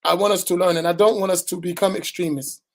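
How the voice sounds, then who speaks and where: A man's voice: high-pitched, fairly even intonation, quick pace. A man, an imam teaching a religious lesson in a direct, admonishing way, often tagging "right?" onto his points.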